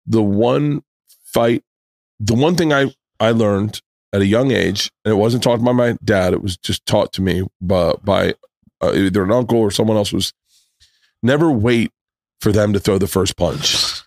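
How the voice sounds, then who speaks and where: Animated storytelling man, dry sound. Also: on the low side, a little slow, gravelly, no room sound. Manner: animated storyteller, acts out quotes in raised voice. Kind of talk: casual chat, storytelling.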